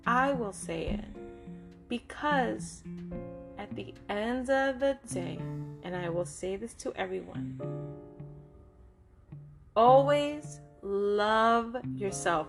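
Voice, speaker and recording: A woman giving a casual motivational talk straight to her listeners, earnest and direct, often checking in with "okay?" and "right?". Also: medium pitch. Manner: talks with lots of "okay?" and "right?" check-ins. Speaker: motivational speaker. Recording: guitar music playing behind the voice.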